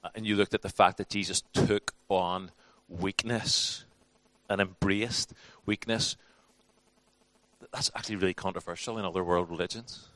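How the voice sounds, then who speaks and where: Guy preaching to a small group, casual and conversational, lots of restarts, kinda low voice. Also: fairly even intonation, moderate pace, a bit bright. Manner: conversational, restarts, acts out quotes. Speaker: preacher teaching a class. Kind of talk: informal sermon teaching.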